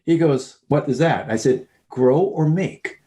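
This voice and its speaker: A man's voice: fairly high pitch, a little slow. A man guest on a podcast, telling sales stories and acting out both sides of the conversations. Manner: animated storyteller, acts out both sides of dialogues. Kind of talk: storytelling in a podcast interview.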